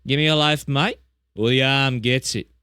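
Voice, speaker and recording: A man's voice: mid-range voice, steady tone, normal speed, pushed and bright, clear, resonant tone, dry recording, studio quality, natural voice. A man voicing a tough male kangaroo who drives a hard bargain, speaking in blunt slang. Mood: mock menace. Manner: mock-threatening, slangy.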